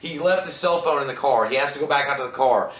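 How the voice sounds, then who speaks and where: A man reviewing a horror movie in casual chat, profane and animated, often acting out characters' lines. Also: medium pitch, fast talker. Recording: echoey room, mic at a distance.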